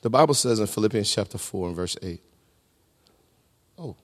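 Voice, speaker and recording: A middle-aged man preaching a sermon as pastor, swinging between loud shouts and hushed low tones. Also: animated, normal speed, big-room sound. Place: large church sanctuary.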